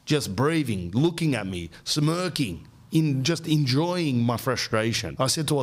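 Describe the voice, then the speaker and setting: Brief: middle-aged male podcast host, comic anecdote, ranting and animated, mid-pitched. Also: unhurried, few pauses. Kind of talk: comic storytelling.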